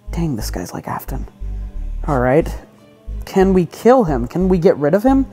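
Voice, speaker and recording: A man acting as himself in a fan audio drama, frantic and pleading, often shouting. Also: fairly high pitch, expressive, moderate pace. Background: music.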